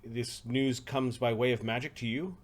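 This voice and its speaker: A man voicing a formal, courteous male official who speaks in a measured way. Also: medium pitch, fairly even intonation, close to an everyday voice.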